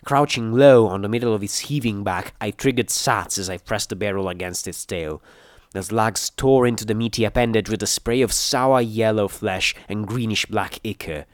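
A man reading an action story aloud in first-person narration, with steady, dramatic storytelling. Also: on the low side, no room sound, studio quality. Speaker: audiobook reader.

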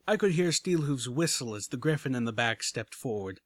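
A man's voice: medium pitch, expressive, normal speed, no echo, clean studio sound. A man reading a first-person action story aloud with dramatic narration. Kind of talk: audiobook reading of fan fiction.

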